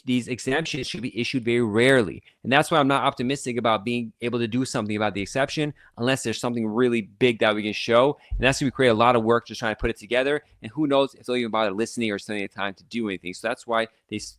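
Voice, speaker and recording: A man hosting an immigration talk, talking fast and excitedly with many restarts and fillers, a Farsi speaker. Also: mid-range voice, dry recording. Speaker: immigration lawyer hosting a channel. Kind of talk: casual explainer talk to camera.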